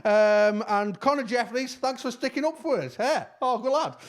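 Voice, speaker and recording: A man with a Cumbrian accent, chatting casually as he reads out shout-outs, rambling and using broad dialect words, his voice a bit worn. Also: extremely high pitch, animated, moderate pace. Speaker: musician giving shout-outs. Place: at home.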